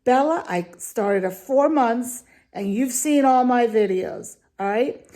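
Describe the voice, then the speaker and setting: A woman's voice: a little high, expressive, slow pace, dark tone. A woman giving an opinionated video review, talking in an indignant, emphatic, ranting way. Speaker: dog food reviewer.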